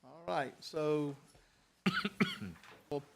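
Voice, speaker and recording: A man chairing a formal board meeting, calling for motions and votes in a brisk, procedural way. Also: on the high side, steady tone, gravelly, heavy background noise.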